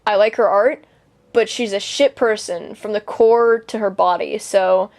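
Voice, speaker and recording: A woman's voice: medium pitch, a little slow, creaky, darkish tone. A teenage girl venting a personal story to camera, indignant and swearing freely, with lots of fillers and restarts. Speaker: vlogger.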